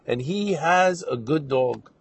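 A man's voice: a little high, expressive, husky, distant mic, heavily acted. A man voicing a humble father collecting money for his daughter's wedding, who stumbles and repeats words as he explains. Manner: halting, repeats himself. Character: humble male fundraiser, father of a bride.

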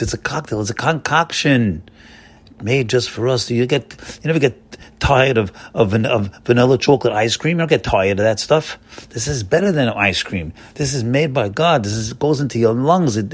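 A man giving an informal spoken sermon to a group as their religious teacher, folksy and repetitive, asking questions and answering them himself. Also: mid-range voice. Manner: folksy and repetitive, often says "my friends".

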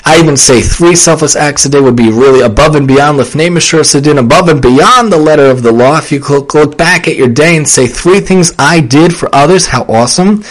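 A young man hosting a solo podcast, talking earnestly and preachily, with sudden excited bursts. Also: on the high side, brisk, few pauses, low-quality recording. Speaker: podcast host. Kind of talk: casual solo podcast talk.

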